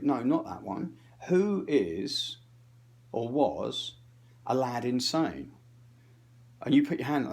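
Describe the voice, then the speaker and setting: A man doing a rambling comic rant, swearing casually, losing his thread and drifting between muttered asides and louder bursts. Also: mid-range voice, husky. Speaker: channel host.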